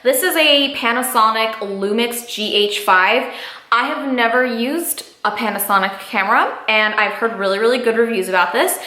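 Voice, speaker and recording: A woman's voice: a little high, normal speed, sharp tone. A woman in her twenties vlogging casually to camera, candid and emotional, swearing freely and saying "like" a lot. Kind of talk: casual vlog talk to camera.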